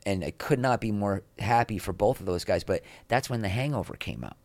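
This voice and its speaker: Man, middle-aged, interview guest, low voice, self-deprecating, rambling anecdotes, dry room. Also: brisk, dry recording. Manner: rambling, self-deprecating, animated when quoting others. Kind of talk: candid storytelling interview.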